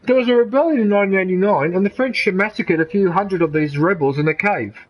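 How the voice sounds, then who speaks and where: A man's voice: sits high, fast, highs cut off. A middle-aged Australian man, a gaming streamer, rambling in casual commentary, opinionated and swearing freely. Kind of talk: casual commentary over gameplay.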